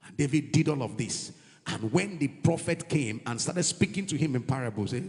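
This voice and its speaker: A man preaching a sermon in church, animated and mixing in pidgin asides. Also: mid-range voice, a little fast. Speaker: pastor. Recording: long church-hall reverb.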